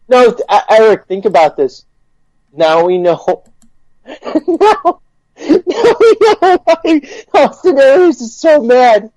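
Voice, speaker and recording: Male co-host: unhurried, dry-miked, giggly profane storyteller. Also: very high-pitched, very animated, darkish tone, no echo, rough recording. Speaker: podcast co-host. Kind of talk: crude casual banter.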